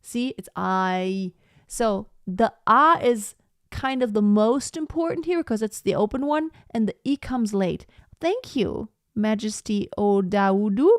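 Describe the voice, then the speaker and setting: A woman leads a live online singing class, speaking at an unhurried, deliberate pace. Her voice is smooth and resonant, sits a little high, and comes across dry and close. She stops now and then to sing a phrase and show the point. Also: no echo. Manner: demonstrates by singing phrases, then explains calmly. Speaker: singing teacher.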